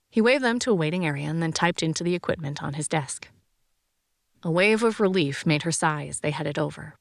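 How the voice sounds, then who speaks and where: A woman reading a science fiction audiobook in an even, measured narration. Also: sits low, creaky, dry recording, studio quality.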